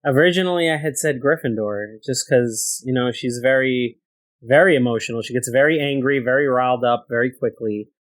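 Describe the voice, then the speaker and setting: Give me a man co-hosting a podcast in casual chat, hesitant and wry as he thinks aloud. His voice sits at a middle pitch for a man, with an unhurried, offhand delivery. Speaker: podcast co-host.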